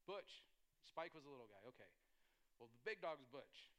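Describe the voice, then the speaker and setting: A male pastor preaching a sermon in a conversational, emphatic way, with lively asides to the congregation. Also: on the high side, moderate pace.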